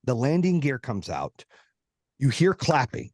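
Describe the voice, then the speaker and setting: A man's voice: mid-range voice, very animated, darkish tone, dry recording, clean studio sound. A man, a podcast guest, tells a long personal story in casual, profane talk and acts out the quotes of the people in it. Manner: profane, fast-moving anecdote with acted-out quotes.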